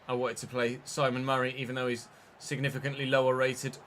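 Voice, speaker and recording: A man streaming a football video game, giving an excitable, sweary running commentary on the play. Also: medium pitch, a little fast, hardly any pauses, a little hiss or hum. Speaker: gaming streamer. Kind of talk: live gameplay commentary.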